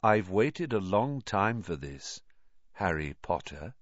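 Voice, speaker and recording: A man reading aloud, voicing a quiet, calm and menacing teenage boy who speaks softly. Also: low-pitched, slow, dry recording, dull audio, heavily acted. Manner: soft, quiet, calm, smug.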